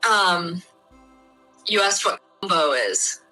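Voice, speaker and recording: A woman's voice: on the low side, takes it slowly, pushed and bright, faint music behind, poor audio. A woman with a Midwestern American accent, a guest in an interview, explaining things in a chatty, frank way with lots of fillers.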